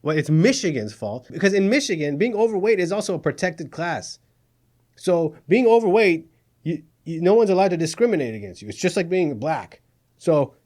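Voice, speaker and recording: A man's voice: fairly high pitch, a little mellow. A man hosting a satirical news show, sarcastic and exasperated, often laughing at his own jokes. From Middle East. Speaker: comedy news host.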